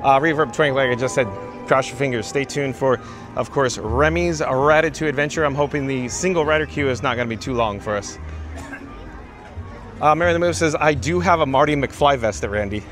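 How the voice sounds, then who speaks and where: A man's voice: medium pitch, fairly quick, fairly bright tone, faint music behind. A man hosting a live-streamed walking tour outdoors in a theme park, chatting and reading viewer comments aloud, recorded on a handheld mic while walking.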